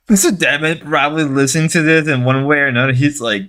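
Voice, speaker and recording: A man streamer reacting to a clip in casual talk, rambling and exclaiming with bursts of laughter. His pitch moves a lot as he jokes. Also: very animated, moderate pace, fairly bright tone. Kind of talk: casual live reaction commentary.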